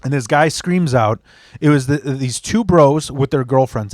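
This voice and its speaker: A man's voice: medium pitch, normal speed, a little mellow, no echo, clean studio sound. A young man hosting a podcast, telling a story in blunt, profane, casual chat and slipping into mimicry of other people. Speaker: podcast host.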